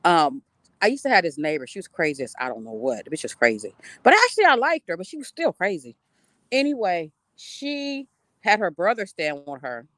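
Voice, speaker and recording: A middle-aged woman hosts a casual livestream from outdoors, telling stories in a blunt, profane, emphatic way. Her pitch leaps up and down with lively expression. The sound is dry and close, with no room echo. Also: fairly quick. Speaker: livestream host. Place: outdoors near trees.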